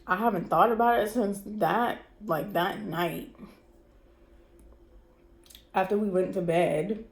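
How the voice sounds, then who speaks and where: A woman's voice: mid-range voice, takes it slowly, vocal fry. A woman recounts a painful night straight to camera, her voice shaky and stressed. She talks in candid, repetitive bursts, swearing as she goes. The room around her rings with a noticeable echo. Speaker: vlogger. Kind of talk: personal storytime vlog. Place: cold room indoors. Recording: roomy echo.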